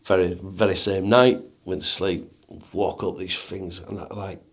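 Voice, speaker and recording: A middle-aged man with a Northern English accent speaks in a very low, deep voice. He tells a personal story as a podcast guest, casual and earnest. He often repeats and restarts his words as he goes. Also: fairly even intonation, measured pace, breathy edge. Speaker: guest, musician and DJ.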